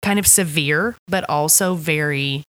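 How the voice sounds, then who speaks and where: A woman in her thirties or older co-hosting a casual podcast, animated and laughing, with playful sound effects. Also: low voice, measured pace. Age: over 32. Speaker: podcast co-host. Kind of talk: casual chat recapping a TV show.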